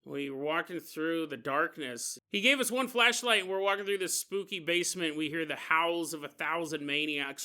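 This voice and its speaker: A man hosting a podcast, telling a story in an animated, jokey way. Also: a little high, moderate pace, hardly any pauses, clear, resonant tone. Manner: animated and jokey, often laughing. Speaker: podcast host. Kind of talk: comedic storytelling.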